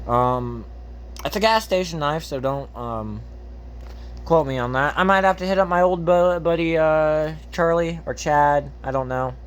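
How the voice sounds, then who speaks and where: A man chatting loosely through an unboxing, his voice sitting a little high for a man. He rambles, cracks jokes, wanders off topic and swears casually along the way. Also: measured pace, slight background noise. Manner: rambling and jokey, goes off on tangents. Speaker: host.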